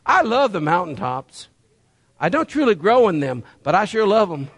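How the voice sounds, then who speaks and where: A man's voice: high voice, sing-song, normal speed, husky. A man preaching a sermon, folksy and conversational, firing rhetorical questions at the congregation. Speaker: pastor.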